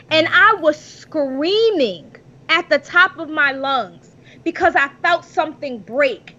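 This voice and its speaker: High-voiced woman giving testimony. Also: sharp tone, muffled recording. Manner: earnest, preacherly storytelling. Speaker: podcast guest.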